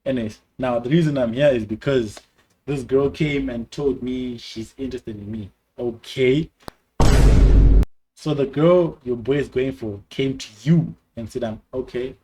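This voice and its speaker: Lively young man giving advice. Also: a little slow, a little hiss or hum. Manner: animated, slangy, big jumps in pitch and loudness. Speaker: streamer giving advice to viewers. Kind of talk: casual livestream advice chat.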